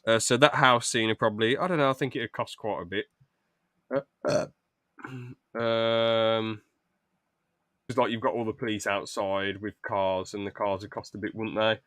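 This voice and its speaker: A young man hosting a podcast, pitching a film script in a rambling, stop-start way with lots of fillers. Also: fairly even intonation, normal speed, fairly bright tone, no room sound, clean studio sound. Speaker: podcast host. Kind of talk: casual podcast chat, reading out a film pitch.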